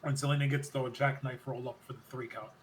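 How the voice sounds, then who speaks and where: A podcast host recaps wrestling in casual chat, moving at a quick pace in a mid-range male voice against slight background noise. His excited account rambles, and he regularly corrects himself mid-sentence.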